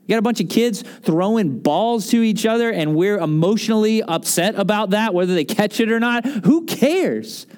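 High-voiced, animated man preaching a sermon. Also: normal speed, few pauses. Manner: conversational, animated storytelling with asides. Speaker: pastor.

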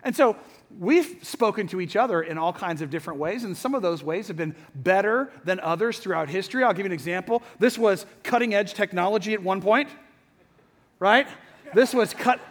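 A middle-aged man preaching a sermon to a hall audience, chatty and lively, often asking the crowd questions. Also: high-pitched, fairly quick. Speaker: pastor. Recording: long hall reverb.

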